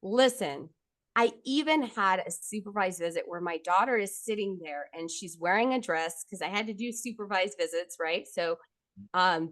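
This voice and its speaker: Speaking on the low side with no room sound, a woman in her thirties relates her own story in candid conversation. She's blunt and profane, growing animated whenever she quotes others.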